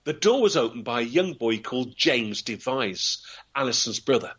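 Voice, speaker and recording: A man's voice: mid-range voice, expressive, normal speed, fairly bright tone, husky. A man telling a historical tale in a dramatic, theatrical way, acting out the voices. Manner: theatrical, vivid, acts out voices. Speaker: local historian storyteller. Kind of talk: dramatic storytelling.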